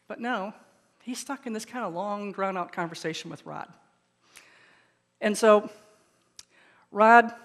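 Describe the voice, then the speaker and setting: A woman's voice: medium pitch, long reverb tail. Woman pastor retelling a film in a sermon. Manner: storytelling, retelling a film scene; animated, rising and falling in loudness.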